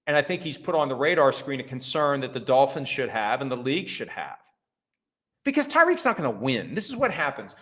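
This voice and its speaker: A middle-aged man hosts a sports talk show in a mid-pitched voice. He gives blunt, opinionated commentary with a sarcastic edge and swears casually. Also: very animated, a little fast, bright, forceful tone. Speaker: host.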